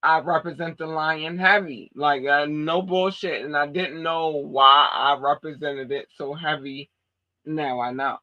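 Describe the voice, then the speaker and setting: A woman's voice: deep voice, fairly even intonation, unhurried, pushed and bright, highs cut off. A woman from Baltimore with a Baltimore accent, podcast host in casual chat, talking in an emphatic, blunt and profane way. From Baltimore, USA.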